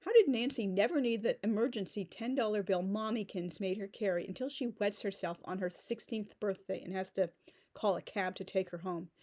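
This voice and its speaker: Forties woman tearing into a book, sarcastic and fed up, mellow voice, mid pitch. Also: fairly quick. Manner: sarcastic, exasperated. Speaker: book reviewer. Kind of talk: ranting book critique.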